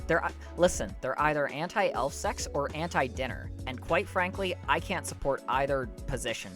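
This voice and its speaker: Woman streamer, low voice with a lot of swing, playful and jokey, casual stream banter, faint music underneath. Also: lively intonation, moderate pace, fairly bright tone.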